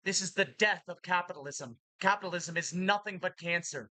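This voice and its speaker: A woman ranting in a monologue to camera, agitated, with halting restarts that give way to shouted insults. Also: fairly low pitch, no room sound, low-quality recording. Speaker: vlogger.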